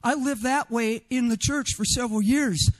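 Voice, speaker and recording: Man, preacher, very high pitch, expressive, loud at times, keeps asking "right?". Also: normal speed. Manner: rhetorical "right?" asides. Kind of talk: sermon.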